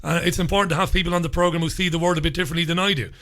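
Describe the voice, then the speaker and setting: Bright-voiced chatty male radio host. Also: fairly high pitch, fairly even intonation, very fast. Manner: chatty, rambling, with filler words. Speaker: radio talk show host. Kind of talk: casual radio chat.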